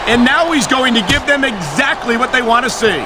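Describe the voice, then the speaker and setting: An actor playing an earnest male play-by-play announcer in a wrestling game, excitedly hyping the action. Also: very high-pitched, brisk. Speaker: play-by-play commentator. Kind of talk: scripted wrestling game commentary. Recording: loud crowd and game noise.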